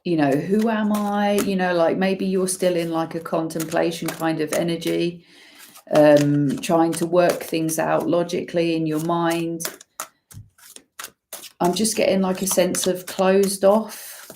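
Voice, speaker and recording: A woman giving an intuitive tarot reading, musing slowly and using many fillers as she talks through the cards. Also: lowish voice, fairly even intonation, mellow, slight background noise. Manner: slow, musing, full of fillers. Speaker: tarot reader.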